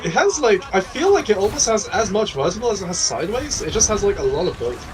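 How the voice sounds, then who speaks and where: A man in casual voice-chat banter, excitable and chatty with lots of fillers. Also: sits high, fast talker, noisy background. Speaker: streamer.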